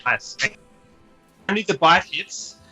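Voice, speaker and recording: A man runs a tabletop game, describing the action in a playful way and laughing often. His voice is bright and sits a little high, with faint music behind him. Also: expressive, slow, slightly rough, poor audio. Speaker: game master.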